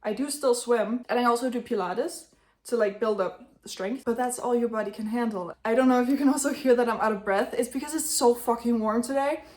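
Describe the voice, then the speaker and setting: A woman's voice: on the high side, a little fast, darkish tone. Chatty, blunt young woman vlogger. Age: 20s. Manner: chatty, blunt and swearing, addressing her younger self. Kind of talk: casual chat to camera.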